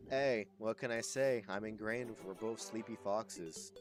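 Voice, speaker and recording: A gaming streamer with a lowish, slightly slow voice chats casually with viewers while playing a video game, swearing constantly. He sounds sleepy and stuffy-nosed, and soft music plays in the background of his gameplay commentary.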